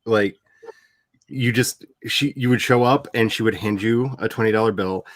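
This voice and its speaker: An author hosting a casual writing livestream tells animated stories and laughs often, growing tender and emotional when he reminisces. His voice is lowish at a normal speed, and the recording is dry.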